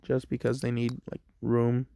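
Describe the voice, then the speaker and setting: A man's voice: medium pitch, completely flat delivery, normal speed, gravelly, mellow, clean tone, dry recording, studio quality. Laid-back young man rambling a story. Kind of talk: casual fan-fiction storytelling.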